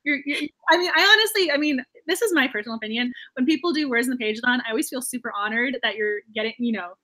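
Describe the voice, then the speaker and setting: A woman's voice: a little high, quick pace, bright, forceful tone. A woman hosting a writing live stream, gushing and emotional, full of fillers and laughter. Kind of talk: casual live-stream chat.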